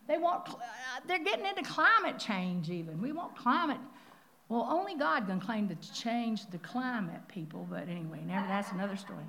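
A woman teaching the Bible in a sermon style. She is conversational and animated, with asides and rhetorical questions. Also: medium pitch, a little fast, few pauses, low-quality recording.

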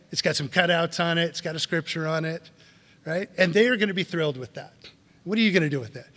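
A man preaching a sermon as a pastor, emphatic and animated, full of rhetorical questions and repeated phrases. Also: fairly high pitch, long reverb tail.

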